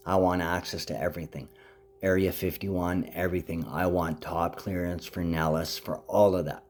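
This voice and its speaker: A man rambling to the camera in a vlog monologue, jumping between topics and speaking to his mother with sudden rises in pitch. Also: level tone, normal speed, a little mellow, a little hiss or hum.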